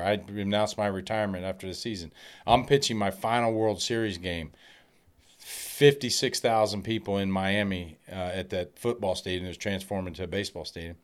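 A middle-aged man, a former pitcher, telling stories in casual chat and laughing through his punchlines. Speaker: retired baseball pitcher guest.

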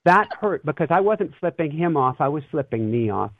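A man's voice: a little high, big pitch swings, a little fast, dry recording. A man as a guest, talking earnestly and reflectively about love and fear, often breaking into a laugh. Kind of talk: casual spiritual talk. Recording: tinny phone-line sound.

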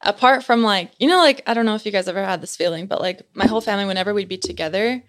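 A woman's voice: mid-range voice, rapid-fire, fairly bright tone. A young adult woman, a podcast guest, tells a story in a casual, chatty way and fills her speech with "like".

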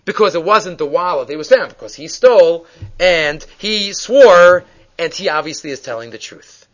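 Animated man telling stories in class. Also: a little high, moderate pace. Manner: animated storyteller acting out dialogue, mixing Hebrew phrases. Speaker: Torah teacher. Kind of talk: storytelling Torah class. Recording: dull lo-fi recording.

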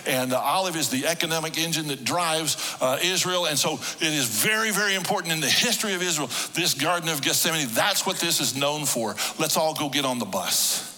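A man's voice: fairly high pitch, expressive, fairly quick, few pauses, bright, forceful tone, long reverb tail, soft background music, voice pushed up, poor audio. A preacher mimicking a glib, matter-of-fact male tour guide with breezy patter.

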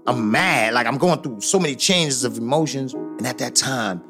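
A middle-aged man telling a story casually, profane and animated, acting out other people's voices. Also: mid-range voice, moderate pace. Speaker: hip hop artist. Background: music.

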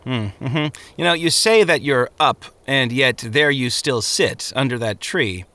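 A man voicing a grave, kindly male gatekeeper in an audiobook drama, speaking solemnly and chiding gently. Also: medium pitch, animated, a little slow, dry recording.

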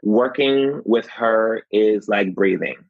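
A male actor talking in an interview, expressive and animated, laughing often and acting out quotes. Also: on the low side, slow pace, dry recording. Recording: slightly muffled, dry.

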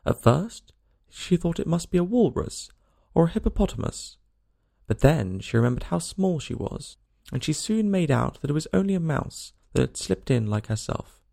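A man narrating a children's storybook aloud in an expressive, lilting reading style. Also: on the high side, moderate pace, creaky.

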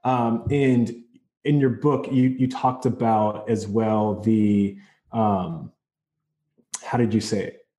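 A man co-hosting a podcast, asking questions in a halting way with many fillers. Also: lowish voice, steady tone, warm tone, reverberant. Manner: halting, many ums and restarts. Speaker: podcast co-host. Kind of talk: casual podcast interview.

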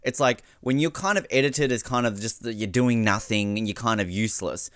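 A man co-hosting a casual podcast about a reality show, talking in an animated way and acting out quotes. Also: fairly low pitch, dry recording, studio quality. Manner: animated, quick to act out quotes. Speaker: podcast co-host. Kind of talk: casual chat.

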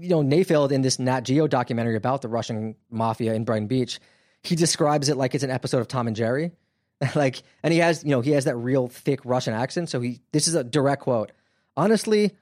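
A male podcast host talks through a true-crime story in a loose, chatty way, dropping in asides and fillers. His voice sits at an average pitch. The sound is dry and close, with no room around it. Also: darkish tone, no echo. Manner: conversational, filler-heavy, wry. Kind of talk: casual storytelling chat.

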